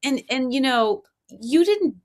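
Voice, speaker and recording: A woman speaking as a guest in a casual interview, with a fairly high voice. She is chatty and relaxed and laughs often as she talks. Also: slow pace.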